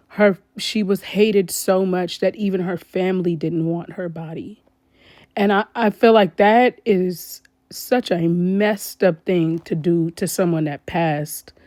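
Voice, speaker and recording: Woman vlogger, casual commentary, animated, exclaiming, talks to viewers, dry close sound. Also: medium pitch, no echo.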